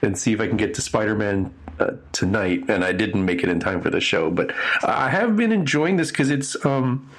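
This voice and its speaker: A man's voice: lowish voice, animated, moderate pace, few pauses. A man co-hosting a podcast in casual chat, chatty and acting out his own thoughts. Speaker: podcast co-host.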